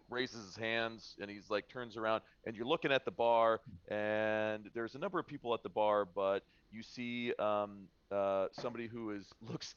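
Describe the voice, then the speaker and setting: A man narrating as game master in a tabletop game, halting and full of filler sounds. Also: lowish voice, clean tone, dry recording, dull audio.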